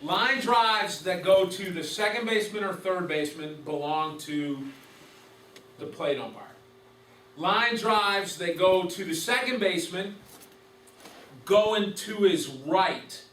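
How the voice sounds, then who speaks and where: Teaching umpires in a chatty lecture, the instructor keeps asking questions and repeating what matters most. He talks slowly and expressively, his voice sitting high with a fairly bright tone. The mic is distant, the room roomy, and a faint hiss runs underneath.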